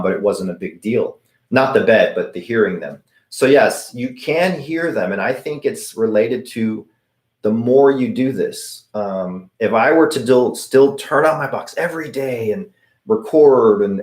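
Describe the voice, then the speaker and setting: A middle-aged man hosts a live question-and-answer stream and answers in a chatty, story-driven way. His voice sits a bit low, and he acts out the voices he quotes. The room around him is echoey. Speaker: host of a paranormal channel answering viewer questions.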